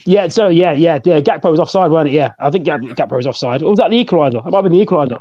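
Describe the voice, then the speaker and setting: A man's voice: a little high, lively intonation, very fast. A laid-back man co-hosting a casual football chat podcast, laughing often. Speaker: podcast co-host. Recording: dull lo-fi audio.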